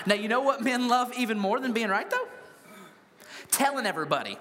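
A man preaching a sermon to a congregation, animated and humorous, full of rhetorical questions. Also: high-pitched, fast talker. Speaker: pastor. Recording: long hall reverb.

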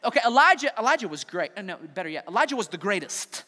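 A man preaching a sermon, telling a story with animated, playful voices. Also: high-pitched, fast talker. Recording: long hall reverb.

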